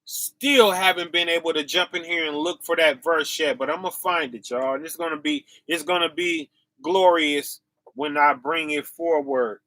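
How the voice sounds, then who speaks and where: Bright-voiced man preaching a loose, slangy sermon. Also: a little high, normal speed, dry recording. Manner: casual slang, repetitive "right?" and "y'all"; laughs to himself, dips quiet then bursts loud. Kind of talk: informal sermon.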